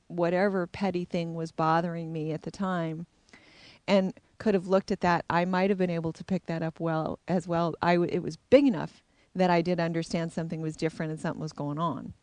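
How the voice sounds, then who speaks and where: A woman's voice: fairly low pitch, no echo. Candid middle-aged woman telling her story. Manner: candid, reflective. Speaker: intuitive, psychic. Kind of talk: personal storytelling.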